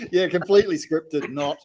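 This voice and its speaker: An Australian man co-hosting a casual podcast chat, laughing easily and retelling stories with many restarts. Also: high voice. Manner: laughing, easygoing, restarts often. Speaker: podcast co-host.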